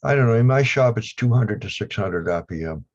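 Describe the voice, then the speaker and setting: With lively intonation and a fairly quick pace, a man with a Down East Maine accent rambles bluntly and dryly as a guest on a video call interview. He makes lapidary equipment, and his fairly low voice is a little mellow. The video call audio sounds dull and lo-fi.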